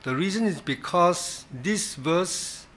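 A man leading a Bible study in a church, teaching in a halting way, repeating words and stressing key words. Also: sits high, lively intonation, fairly bright tone, slight background noise.

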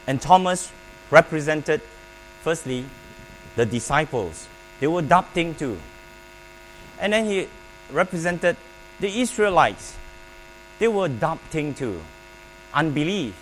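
A man preaching a sermon, emphatic and paced with pauses, calling on the congregation to repeat his words. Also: on the high side, very animated, fairly bright tone, low-quality recording. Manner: emphatic, with pauses and call-and-response prompts. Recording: faint mains hum.

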